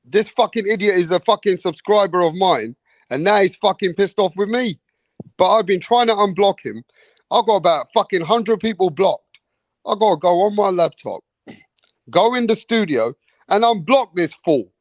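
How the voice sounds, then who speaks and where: A man's voice: high-pitched, lively intonation, moderate pace, no echo. A man, hosting a live online show, ranting in an exasperated, profane way and repeating "bro" and "man". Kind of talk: heated live-stream rant.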